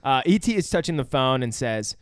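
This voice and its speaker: A man's voice: very animated, brisk, dry recording, studio quality. A man co-hosting a podcast, casually recapping a film with lots of swearing and acted-out quotes. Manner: swears a lot, acts out quotes in high voices. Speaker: podcast co-host. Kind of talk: casual movie recap chat.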